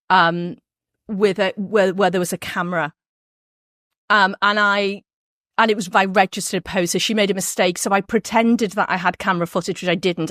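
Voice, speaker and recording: A woman from Merseyside with a softened Liverpool accent, talking as an interview guest in a lively way, often restarting her sentences. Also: mid-range voice, no room sound, clean studio sound. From Merseyside, England. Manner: animated, quick, with frequent restarts and laughs. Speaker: guest, biographer. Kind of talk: casual interview talk.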